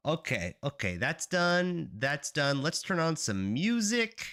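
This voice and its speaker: Excitable man streamer with a sore throat. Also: measured pace, few pauses. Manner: excitable, jumps into high playful greetings. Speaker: game dev streamer. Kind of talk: casual live stream chat. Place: apartment.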